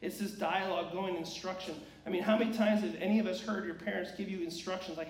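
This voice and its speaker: A male preacher with a fairly high voice delivers an earnest sermon, pressing his point with rhetorical questions. He sounds set back from the mic in a reverberant church sanctuary. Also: fairly even intonation, fast, few pauses. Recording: echoey church hall, distant mic.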